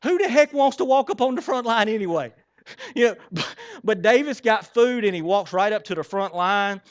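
Pastor guy preaching, fairly high voice, keeps asking the crowd stuff, dry room. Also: moderate pace, no room sound. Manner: animated, talks straight to the congregation with questions; acts out Bible characters in quoted voices. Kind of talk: sermon.

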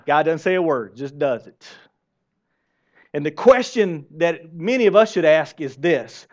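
A man preaching a sermon to a church congregation, lively and asking them direct questions. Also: fairly high pitch, a little slow. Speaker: pastor. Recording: dull lo-fi sermon recording.

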